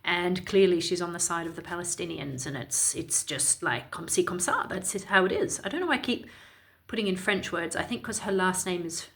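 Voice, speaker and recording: A woman's voice: lowish voice, lively intonation, brisk, creaky, fairly bright tone. A woman from Ireland giving opinionated, sarcastic and indignant commentary in a vlog. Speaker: commentary vlogger.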